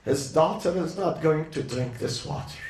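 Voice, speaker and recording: A man voicing a grieving young girl, speaking quietly and resolutely. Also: a little high, moderate pace, distant mic, voice pushed down, natural voice. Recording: roomy echo.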